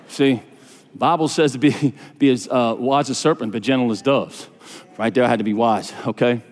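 A man preaching a sermon as pastor, telling stories with fervor that climbs to high, intense peaks. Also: fast, in a large hall. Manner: animated storytelling preacher, rising to high fervent peaks.

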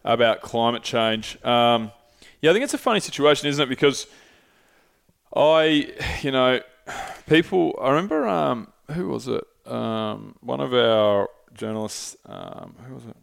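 With a creaky, mid-range voice, an Australian man hosts a podcast at a measured pace, his pitch swinging widely. He chats casually and loosely, swears a lot, and keeps wandering off his point.

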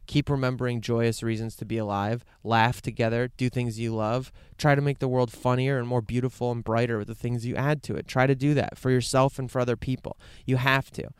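A man musing aloud in a casual vlog in a quiet meadow, earnest and rambling, swearing often and swinging from hushed to impassioned. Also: medium pitch, little pitch movement, a little fast, clean tone, no echo, studio quality. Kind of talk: casual outdoor vlog monologue.

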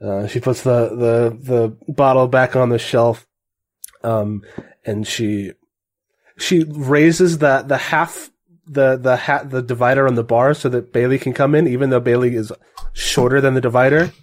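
A man's voice: mid-range voice, fairly even intonation, a little slow. Man, game master, tabletop game, casual narration, fillers, restarts.

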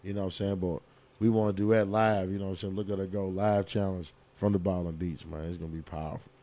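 A man co-hosts a podcast in a brash, hyped way and swears freely. His voice is lowish and mellow. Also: little pitch movement, fast talker. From Kentucky, US. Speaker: podcast co-host. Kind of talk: casual podcast chat.

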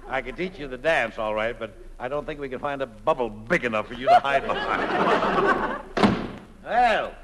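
A man playing a shady, fast-talking dance professor in a 1940s radio comedy, with wisecracking, giggly patter. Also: mid-range voice, wildly swooping pitch, heavy background noise.

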